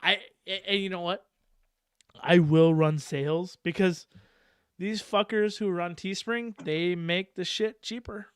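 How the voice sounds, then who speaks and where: A man hosting a casual podcast, talking in an animated, profane way and laughing often. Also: high voice, unhurried, smooth, no echo, clean studio sound. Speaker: podcast host.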